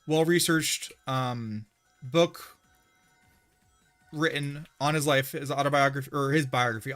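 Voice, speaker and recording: A man streaming a video game live, chatting casually in a rambling, excitable way with frequent restarts. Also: fairly high pitch. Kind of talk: casual livestream chat while gaming.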